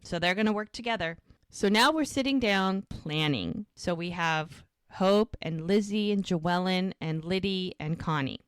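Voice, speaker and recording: A woman's voice: lowish voice, unhurried, smooth, no echo, clean studio sound. A woman co-hosting a podcast, casually recapping episodes and acting out the characters' lines. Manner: retells scenes, acting out lines with "he goes". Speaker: podcast co-host.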